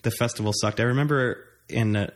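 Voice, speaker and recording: A young man in casual conversation, talking in a relaxed, rambling way with frequent hesitations. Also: medium pitch, fairly quick. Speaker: conversation partner. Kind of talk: casual chat.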